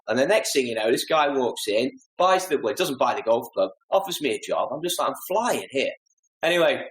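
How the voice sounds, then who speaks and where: A man, a podcast guest telling animated, self-deprecating stories and acting out little asides. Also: mid-range voice, echoey room, poor audio. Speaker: podcast guest, golf club fitter. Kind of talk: casual storytelling interview.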